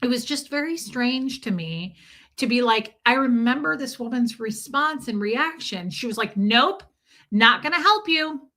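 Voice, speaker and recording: A woman's voice: a little high, expressive, normal speed, a bit bright. A middle-aged woman hosting a casual livestream, chatting with opinions and greeting viewers by name as she reads their comments. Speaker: livestream host.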